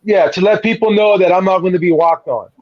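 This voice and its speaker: A man with a high voice speaks as a guest in a casual debate. He talks in an emphatic, exasperated way. The line sounds a bit muffled. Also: brisk.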